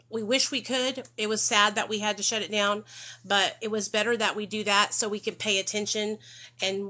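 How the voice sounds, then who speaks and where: Bright-voiced woman chatting live. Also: medium pitch. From Arkansas, USA. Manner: chatty, talks straight to viewers with frequent "okay?". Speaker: recovery livestream host. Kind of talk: casual livestream chat. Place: home room with children nearby.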